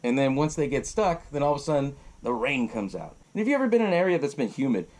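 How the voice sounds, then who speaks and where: Lively, profane man recapping a movie. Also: mid-range voice, quick pace. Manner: animated, profane storytelling with frequent laughs. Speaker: podcast host.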